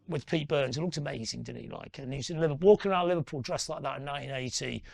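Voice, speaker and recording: A middle-aged man races through his anecdotes as an interview guest, his voice gravelly and pitched a little high. He rambles from story to story and keeps tagging lines with little questions. His voice is recorded dry and close. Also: racing, dry recording. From northwest England. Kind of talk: live on-stage interview chat.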